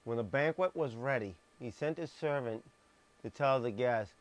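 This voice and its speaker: A man speaking at moderate speed with a mid-range voice reads from scripture on a live stream. It's a Bible message captured with a streaming mic, full of stressed words and blunt, sarcastic asides.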